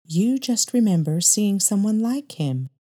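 Woman doing a tired soft mom in a story, kinda pleading, a bit higher up. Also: expressive, unhurried. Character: gentle, pleading, worn-down mother.

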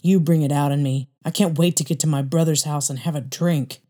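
A woman doing a harsh, loud, bitter father. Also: fairly high pitch, fairly even intonation, brisk, lightly acted. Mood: angry. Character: angry, bitter drunk father, middle-aged man.

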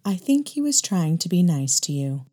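A woman plays a gentle, worn-down mother in a spoken story, soft and pleading, a little higher than the narration. The tone stays warm and mellow. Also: big pitch swings, moderate pace, husky.

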